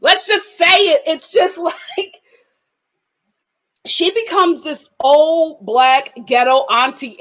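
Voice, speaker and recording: A high-voiced woman hosts a live chat reviewing reality TV. She is animated and outspoken, with lots of slang. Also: slow, poor audio. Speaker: reality TV reviewer and channel host.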